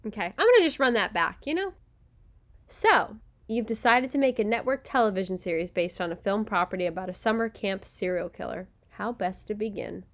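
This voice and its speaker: A woman's voice: mid-range voice, lively intonation, fairly quick. Wry, laughing woman reading her review. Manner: wry and sarcastic, laughs often, stumbles and restarts reading. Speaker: podcast host reading a review script. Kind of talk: casual recorded commentary read from a script.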